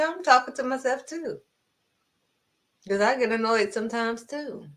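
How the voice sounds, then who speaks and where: Woman, fairly high voice, informal devotional talk, emphatic, scolding, blunt. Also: a bit bright. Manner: emphatic and scolding, punctuates points with "period"; informal, conversational preaching. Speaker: preacher. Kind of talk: spoken devotional message.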